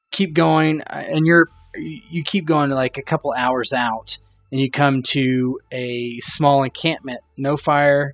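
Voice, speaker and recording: A man narrating as game master in a casual tabletop game, loose and rambling, laughing often. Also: medium pitch.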